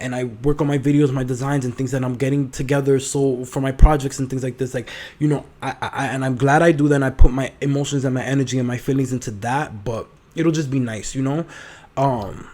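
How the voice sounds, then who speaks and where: A 21-year-old man hosting his own podcast, talking in a sassy, profane, animated solo monologue full of fillers. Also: medium pitch, a little fast. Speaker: podcast host.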